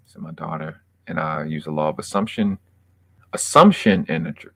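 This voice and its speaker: Man, young adult, very low voice, casual profane livestream chatter, dry close sound. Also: moderate pace, vocal fry, a bit bright, breathy edge, no room sound. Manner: loose, profane, rambling with restarts. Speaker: livestream host reading chat.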